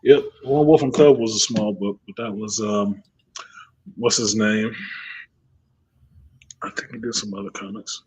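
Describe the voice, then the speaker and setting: A man's voice: on the low side, fairly even intonation, a little slow, pauses often, darkish tone, breathy edge. A man hosting a casual livestream hangout, telling profane stories and laughing often. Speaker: podcast host.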